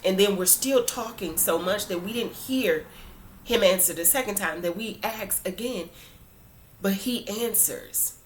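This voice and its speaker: A woman's voice: mid-range voice, a little slow, a little hiss or hum. A woman talking earnestly and informally to camera in a casual faith talk, preaching a little as she goes. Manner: informal phrasing with many fillers. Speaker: Christian vlogger.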